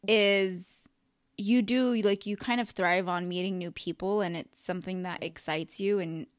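A woman in her twenties hosting a podcast, talking casually in an animated, rambling way. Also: medium pitch, moderate pace, clear, resonant tone, dry recording, studio quality. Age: 20s. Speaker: podcast host. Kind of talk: casual chat.

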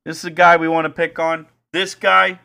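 A young man co-hosting a casual podcast, mocking and animated, with frequent swearing. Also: on the high side, moderate pace, vocal fry. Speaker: podcast co-host. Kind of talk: casual banter.

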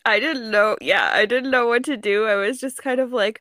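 A woman's voice: fairly high pitch, animated, moderate pace, fairly bright tone, dry recording, clean studio sound. A woman in her twenties on a podcast, telling a rambling story with lots of giggles. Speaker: podcast co-host. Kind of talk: casual storytelling chat.

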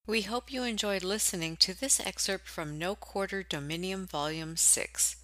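A woman's voice: mid-range voice, moderate pace, bright, forceful tone, dry recording. A woman announcer reading a scripted closing announcement for an audiobook.

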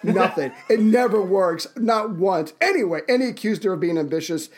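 A man's voice: sits high, animated, normal speed. A man co-hosting a history podcast, riffing and swearing in casual chat. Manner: profane, riffs and retells events with acted-out asides. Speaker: podcast co-host.

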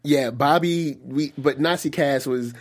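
A man's voice: mid-range voice, unhurried. A man co-hosting a TV after-show in casual chat, playful and slangy and joking around.

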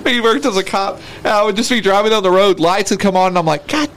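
A man's voice: sits high, quick pace, a bit bright. A young adult man co-hosting a podcast, often laughing and chiming in while trading stories in casual chat. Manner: laughs often, chimes in, mimics others. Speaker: podcast co-host.

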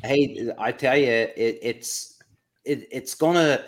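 A Canadian man hosting a casual chat, telling stories in an animated way. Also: medium pitch, slow.

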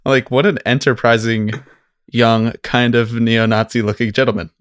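A man's voice: mid-range voice, lively intonation, a little slow, long pauses, a bit bright, dry recording. A man co-hosting a podcast in casual chat, who laughs often and quotes clips with dry humor. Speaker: podcast co-host.

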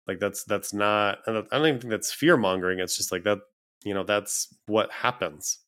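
Low-voiced man, halting podcast chat. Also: a bit bright. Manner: halting, filler-heavy, exasperated. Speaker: podcast co-host. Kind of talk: casual podcast conversation.

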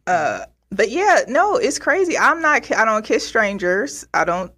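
A woman's voice: a little high, very animated, a little slow, pushed and bright. A woman co-hosting a casual podcast, talking in a sassy, teasing, chatty way. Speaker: podcast co-host. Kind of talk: casual chat.

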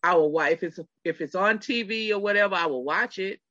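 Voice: medium pitch, a little fast, bright, forceful tone, dry recording. A middle-aged podcast host telling a story in casual chat, talking straight to the listeners. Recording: slightly dull lo-fi sound.

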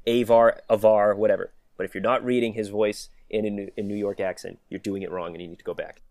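A man's voice: on the low side, fairly even intonation, fast talker, creaky, darkish tone, no echo. A man co-hosting a casual fan podcast, talking with enthusiasm and laughing often. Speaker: podcast co-host.

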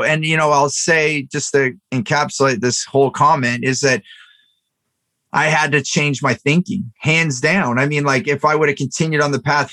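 A man in his thirties or older, a podcast guest, telling a story in an animated way with frequent restarts. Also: mid-range voice, dry recording. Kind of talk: storytelling interview talk.

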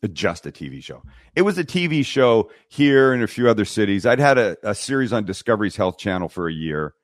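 This middle-aged cooking host from TV and YouTube talks briskly in a lowish voice, guesting in a casual interview. The studio-quality recording, made on a studio microphone in a podcast studio, has no echo; he's a blunt, lively storyteller who acts out the dialogue.

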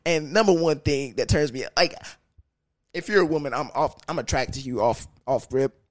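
A young man hosting a podcast, talking in a crude, animated, comedic monologue that keeps jumping into high sing-song bits. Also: normal speed, no room sound. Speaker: podcast host.

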